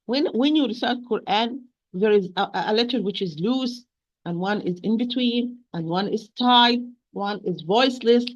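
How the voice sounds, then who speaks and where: Patient woman teaching recitation, lo-fi audio. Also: mid-range voice. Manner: patient, repeats corrections, slow demonstrations. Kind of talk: online recitation lesson.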